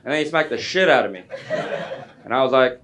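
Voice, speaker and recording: Fast-talking young male stand-up comic. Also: mid-range voice, lively intonation, very noisy. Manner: chatty, self-deprecating, quick asides to the crowd. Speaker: stand-up comedian. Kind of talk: stand-up comedy set. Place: music club stage.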